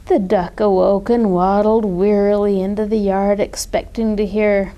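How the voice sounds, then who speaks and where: Woman, children's librarian, picture-book read-aloud, slow, mellow tone, gentle expressive delivery. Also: mid-range voice.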